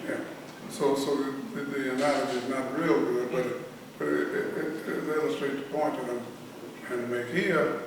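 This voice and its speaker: An older man telling a story in an oral history interview, halting and rambling with frequent restarts. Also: medium pitch, fairly even intonation. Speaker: interviewee, veteran and former prison director. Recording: echoey room, mic at a distance, faint hiss.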